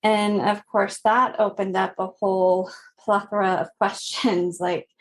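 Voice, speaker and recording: Casting: woman in her thirties, podcast guest, slow and earnest, mid-pitched. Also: flat delivery. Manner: slow, earnest, laughing softly between phrases. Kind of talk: personal story in a podcast interview.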